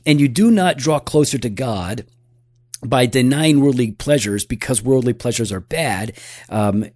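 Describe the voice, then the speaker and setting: A man's voice: medium pitch, expressive, a little slow, a little mellow, no room sound, clean studio sound. A man co-hosting a casual theology podcast, earnest and a bit teasing, often restarting his sentences. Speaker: podcast co-host.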